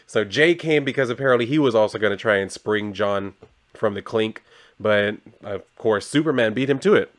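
A man casually recapping a comic issue, rambling and sarcastic, with frequent swearing and flatly read character lines. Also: lowish voice, moderate pace. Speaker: comic book reviewer.

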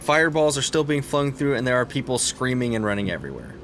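A man's voice: mid-range voice, sing-song, fast talker, fairly bright tone, a little hiss or hum. A man narrating a tabletop role-playing game as game master, rambling with many fillers and restarts.

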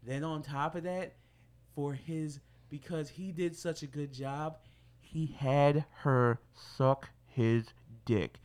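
A young man hosting a podcast, telling a story in casual chat, animated and slangy and swearing freely. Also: a little high, takes it slowly, smooth. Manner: animated and slangy, swears freely, gets loud when outraged. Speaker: podcast host.

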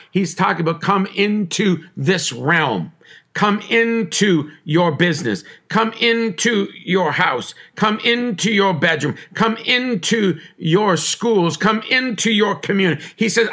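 A man's voice: high-pitched, a bit bright. A man preaching a sermon with fervent, repetitive cadence.

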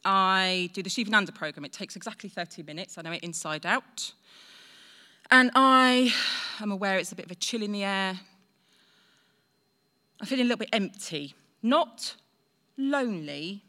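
A woman's voice: mid-range voice, expressive, moderate pace, long pauses, bright, forceful tone. A woman in her forties telling a personal story in a chatty, self-deprecating way. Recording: long hall reverb.

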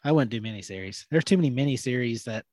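A man's voice: medium pitch, lively intonation, fast, a little mellow. A man co-hosting a casual podcast chat, joking with friends and recommending old shows in loose, rambling sentences. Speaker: podcast co-host.

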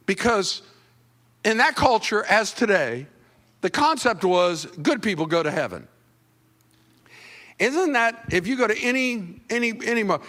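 Guy pastor giving a sermon, high bright voice, jokes with the crowd, gets loud doing quotes. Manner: animated, acts out quotes with sudden high loud bursts; conversational, teasing the congregation.

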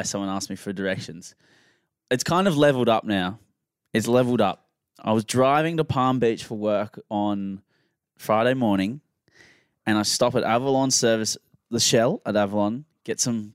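A man's voice: fairly low pitch, moderate pace, clear, resonant tone, no echo, clean studio sound. A man co-hosting a podcast, casually telling a rambling story and acting out the people in it. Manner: rambling storyteller, animated quotes. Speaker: podcast co-host. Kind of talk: casual chat.

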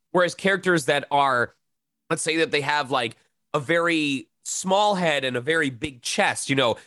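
A man in his thirties, a voice actor talking casually in an interview, lively and quick to slip into demonstration voices. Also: a little high, no echo, studio quality. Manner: animated, demonstrates voices mid-sentence. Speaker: voice actor guest.

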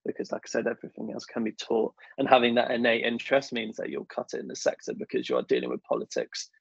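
A young government affairs professional, appearing as a podcast guest, tells chatty, self-deprecating stories in a casual interview, packed with fillers. He's very animated and talks fast in a mid-range voice with vocal fry and a breathy edge, recorded with no echo and a dull, dry lo-fi sound.

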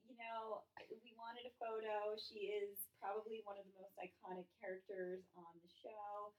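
A woman's voice: medium pitch, level tone, normal speed, darkish tone, muffled recording. A woman who is a podcast guest in casual chat, easygoing and saying "you know" often. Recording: echoey room.

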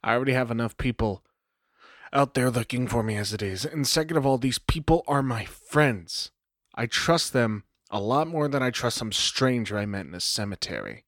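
A man's voice: medium pitch, expressive, normal speed, a bit bright, dry recording, studio quality. A man voicing a newly turned young male vampire who stammers in an exasperated, defiant way.

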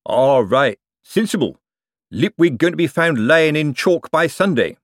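A man's voice: fairly high pitch, lively intonation, measured pace, no echo, studio quality, voice pushed up. A man doing a pompous know-it-all police sergeant. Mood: lecturing. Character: middle-aged police sergeant, pompous and gloomy.

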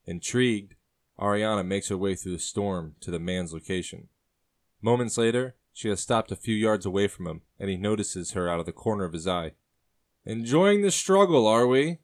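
A man narrating a story aloud in a steady, descriptive reading. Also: low-pitched, brisk.

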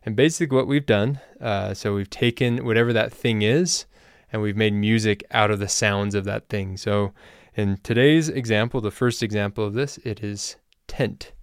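A man hosting a language-learning podcast, explaining things in a relaxed, casual way with loose fillers. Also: lowish voice, normal speed, clear, resonant tone, dry recording, clean studio sound. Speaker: language teacher and podcast host. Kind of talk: casual spoken lesson.

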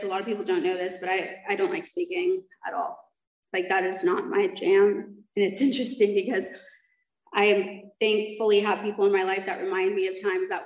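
At a recovery meeting, a woman with a mid-range voice tells the group her personal story, candid and rambling, laughing often and poking fun at herself. The recording is low-quality with a roomy sound.

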